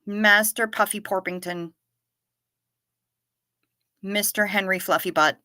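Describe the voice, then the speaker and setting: A woman with a bright, forceful voice chats her way through a casual livestream, reading viewer comments aloud and answering them. The sound is close and dry, with no room echo behind her. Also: mid-range voice, steady tone, slow pace. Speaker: livestream host.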